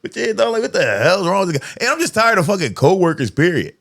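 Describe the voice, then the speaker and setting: Animated, profane man telling stories. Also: sits high, fast, vocal fry. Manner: profane, animated storyteller who acts out quotes. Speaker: podcast host. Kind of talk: casual storytelling chat.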